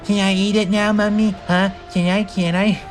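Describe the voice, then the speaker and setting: A man's voice: high-pitched, little pitch movement, normal speed, faint music behind, pitched above the performer's own voice, natural voice. A man voicing a spoiled, whiny spider child in a read-aloud script.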